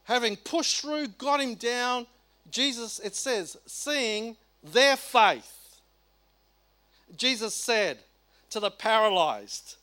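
High-voiced Australian pastor preaching. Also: male voice, slow. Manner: animated, rhetorical questions, colloquial and emphatic. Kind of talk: sermon.

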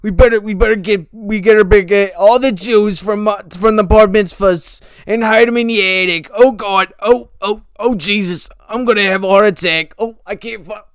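Man doing a panicky old man, frantic, rushed, repeating himself, fretful. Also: high voice, clean tone, dry recording.

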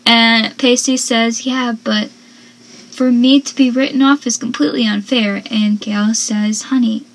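A young woman talks through a TV episode in a loose, chatty way, leaning on lots of fillers as she goes. Her voice sits a little high and comes out breathy. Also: fairly even intonation, unhurried, low-quality recording. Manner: chatty, filler-heavy, reads out quotes. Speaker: recap commentator. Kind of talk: casual chat recapping a TV episode.

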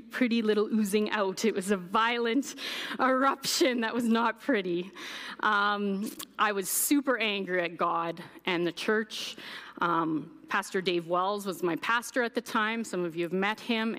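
Woman preaching her own story, honest and lively, middle pitch, big hall echo. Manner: candid, animated, acts out her past words. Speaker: guest speaker. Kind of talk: personal testimony sermon. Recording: echoey hall reverb.

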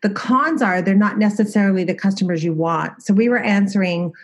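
A woman's voice: medium pitch, brisk. A middle-aged woman, a designer and former TV host, telling stories in a casual interview in a candid, self-deprecating way.

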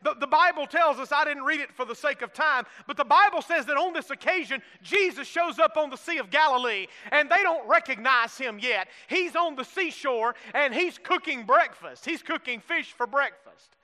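Preaching at normal speed with few pauses, this pastor has an extremely high, expressive voice that sounds pushed and bright. He mixes folksy humor with call-and-response prompts, has the congregation repeat phrases, and voices the disciples, all in a long-reverb hall.

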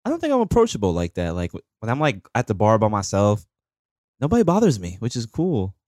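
Young male co-host, low voice that swings a lot, dry close sound, keeps asking questions. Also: fairly quick, no room sound. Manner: laughing, question-asking, lively. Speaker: podcast co-host. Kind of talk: casual chat.

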